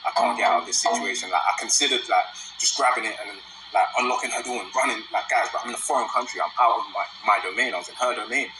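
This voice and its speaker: A man's voice: lowish voice, quick pace, sharp tone, slight background noise, low-quality recording. A young man rambling casually through a personal story, often calling his listeners guys. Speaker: storyteller in a played clip.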